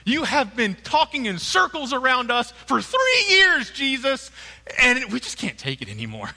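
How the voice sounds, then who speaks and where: A preacher voicing a group of overjoyed male disciples who gush and celebrate with relief. The voice is pitched well above his own and pushed loud. A long hall reverb hangs on each line. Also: wildly swooping pitch, normal speed, full character voice. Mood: elated. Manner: gushing, celebratory.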